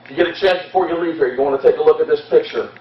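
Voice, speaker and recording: Man presenter, fairly high voice, passionate battle storyteller; distant, echoey, dull lo-fi hall recording. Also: racing. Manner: impassioned storytelling, shifting pace. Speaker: history presenter. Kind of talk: dramatic history talk to an audience. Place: hall at a historical society event.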